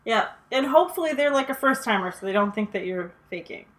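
A young woman in casual chat about horror films, animated, swearing freely and using lots of fillers. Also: a little high, fast, a crowd in the background.

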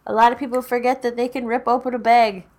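A woman's voice: fairly high pitch, level tone, fast talker, darkish tone. A young woman in casual chat about horror films, dry and matter-of-fact.

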